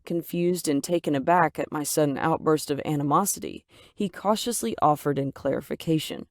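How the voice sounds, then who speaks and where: A woman's voice: low-pitched, a little fast, hardly any pauses, no echo, clean studio sound. Woman narrating a dramatic story. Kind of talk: scripted first-person narration.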